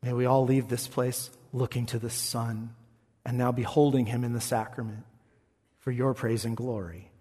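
A man preaching a sermon as pastor, moving from quiet, reflective talk to loud, shouted passages. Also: mid-range voice, fairly even intonation, normal speed, breathy edge. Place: church. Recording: long reverb in a church hall.

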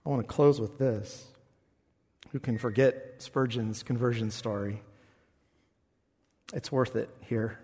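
A man preaching a sermon as pastor, moving from quiet, reflective talk to loud, shouted passages. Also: medium pitch, slow pace, pauses often, slightly rough. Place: church. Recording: long reverb in a church hall.

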